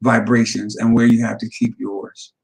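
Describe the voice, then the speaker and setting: A man's voice: fairly low pitch, little pitch movement, normal speed, gravelly, poor audio. A man hosting a casual spiritual chat who jumps in eagerly and repeats his phrases for emphasis. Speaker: host.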